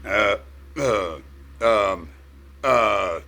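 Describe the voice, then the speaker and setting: A man with the hiccups talking casually to camera, halting and full of filler words. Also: fairly low pitch, bright, forceful tone. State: has the hiccups. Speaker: vlogger. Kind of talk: rambling casual monologue.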